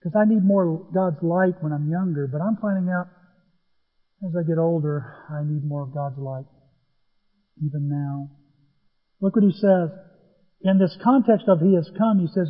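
High, husky man preaching. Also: unhurried, pauses often. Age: middle-aged. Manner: animated, folksy storytelling with acted-out dialogue. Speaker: pastor. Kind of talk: storytelling sermon. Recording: muffled, echoey church hall.

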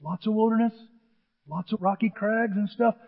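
A confident survival expert calmly explains and coaxes, as a man puts him on. He is matter-of-fact and unbothered. The recording is muffled and echoes like a hall. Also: sits high, moderate pace, creaky. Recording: dull, with long hall reverb.

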